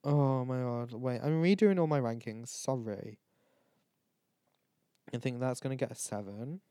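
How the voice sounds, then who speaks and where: A man's voice: mid-range voice, unhurried, mellow, dry recording. A tipsy man, chatting loosely and swearing as a podcast host. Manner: rambling, chatty, swears a lot, laughs at himself. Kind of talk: casual drunk chat, ranking canned cocktails.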